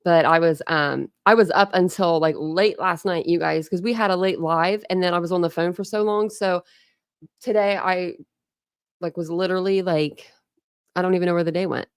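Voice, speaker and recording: Clear and resonant, her lowish voice keeps a fairly even intonation at a moderate pace. An Ohio woman whose accent reflects Philadelphia family influence, she hosts a live stream commentary channel, chatting loosely with viewers and rambling with many fillers and regular laughter. The studio sound is clean, with no echo.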